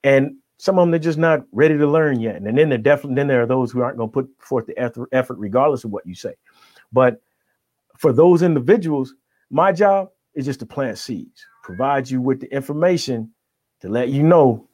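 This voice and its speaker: A middle-aged man and life coach, talking in an energetic motivational style and tagging his points with "right?". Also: mid-range voice, fairly quick, no echo. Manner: energetic, tags nearly every point with "right?". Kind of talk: motivational conversation.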